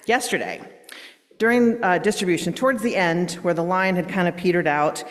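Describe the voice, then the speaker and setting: Woman pastor, lowish voice, sermon storytelling, long church reverb. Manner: warm, self-deprecating storytelling with asides. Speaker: minister. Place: church sanctuary.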